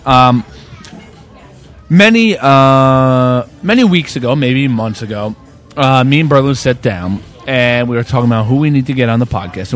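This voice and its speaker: Male podcast co-host, casual and rambling, faint bar music behind. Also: mid-range voice. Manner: rambling, many restarts and fillers. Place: bar at a resort, indoors.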